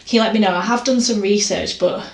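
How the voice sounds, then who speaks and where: A woman's voice: medium pitch, fairly even intonation, fast. Chatty woman in an echoey room. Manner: chatty, rambling, self-deprecating. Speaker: artist vlogger. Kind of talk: casual chat. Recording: echoey room, faint noise.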